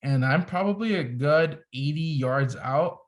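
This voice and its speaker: Young man telling an animated story. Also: a little high, measured pace. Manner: animated storyteller, heavy use of "like". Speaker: photographer guest. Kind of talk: casual podcast storytelling.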